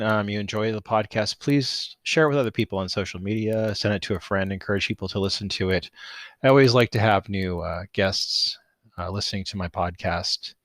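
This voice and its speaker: A man with a lowish voice hosting a podcast, delivering an excited, gushing sign-off. He stumbles and restarts often as he talks. The sound is dry and close. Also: no room sound. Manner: enthusiastic, gushing with many restarts. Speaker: podcast host. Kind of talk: casual podcast outro.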